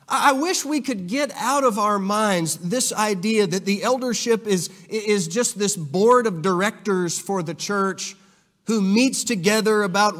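A man's voice: high voice, fairly bright tone. A man preaching a sermon in a church, earnest and restarting phrases with repeated words. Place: church auditorium. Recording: long reverb of a church hall.

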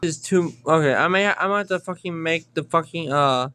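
A man's voice: a little high, quick pace, pushed and bright. A young man hosting a casual reaction video, rambling and swearing. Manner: profane, rambling.

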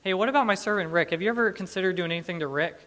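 A man's voice: high voice, very fast, fairly bright tone. A man voicing God as a proud, boastful father, chatty and eager. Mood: boasting.

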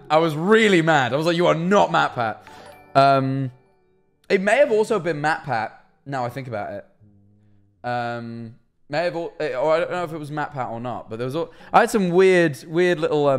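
A young man chatting on a live stream from his kitchen, telling a rambling, animated story and answering chat. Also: medium pitch. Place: kitchen at home.

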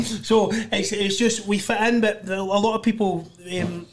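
A man with a Glaswegian accent hosting a podcast, chatty and quick to agree and laugh with his guest. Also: high voice, fairly even intonation, crowd noise. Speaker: podcast host. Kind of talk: casual interview chat.

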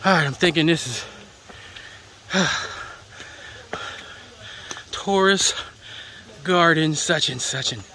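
A man's voice: on the high side, slow, long pauses, sharp tone, slight background noise. A man vlogging outdoors while climbing a mountain trail, out of breath and puffing, talking casually and joking. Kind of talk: casual vlog narration while hiking.

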